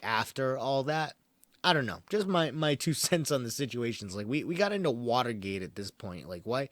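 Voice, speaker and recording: A man hosts a podcast in a casual, rambling way, reading from an article and then breaking off into wry asides full of fillers. His voice sits at an ordinary middle pitch. The recording is dry and close, with no room sound. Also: no echo. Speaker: podcast host.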